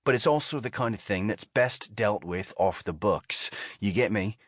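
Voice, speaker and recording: A man's voice: fairly low pitch, moderate pace, no room sound, natural voice. A man voicing a tough male ex-soldier calling in a favor, talking in a blunt, urgent way. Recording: dull lo-fi audio.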